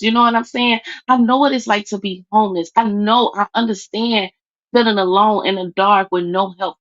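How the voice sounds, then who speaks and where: A woman's voice: medium pitch, dry recording. A woman speaking emphatically and with plenty of profanity on a livestream chat, tearful as she talks over a video call. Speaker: guest. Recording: dull, dry call audio.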